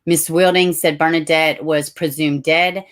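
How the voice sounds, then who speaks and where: A woman's voice: low voice, fairly even intonation, measured pace. A middle-aged woman with a Tennessee Southern accent, hosting a casual livestream, reading news aloud with chatty asides and self-corrections. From Tennessee, USA. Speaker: livestream host.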